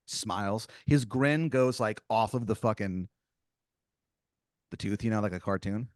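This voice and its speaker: A man's voice: fairly low pitch, unhurried, pauses often, no room sound, studio quality. A man improvising a story as game master on a comedy podcast, rambling with lots of fillers.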